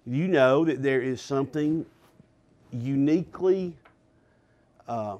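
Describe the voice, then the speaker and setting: Male pastor, mid-pitch, slow deliberate lesson delivery with filler pauses. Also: a little mellow. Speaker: pastor teaching a class. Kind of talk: sermon-style Bible lesson.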